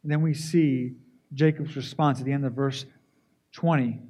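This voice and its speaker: A man's voice: medium pitch, fairly even intonation, moderate pace, warm tone. A man preaching a sermon, asking rhetorical questions and often repeating words as he restarts phrases. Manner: poses rhetorical questions to the congregation.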